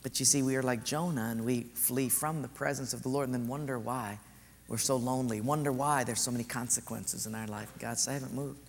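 A man, a pastor, giving a sermon, soft and earnest, telling stories. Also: mid-range voice, steady tone, fairly quick, vocal fry, long reverb tail, slight background noise.

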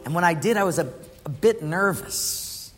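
High-voiced man preaching in a hall. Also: lively intonation, moderate pace, fairly bright tone, soft background music. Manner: storytelling, questions to the congregation. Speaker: pastor. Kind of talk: sermon. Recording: echoey hall with faint noise.

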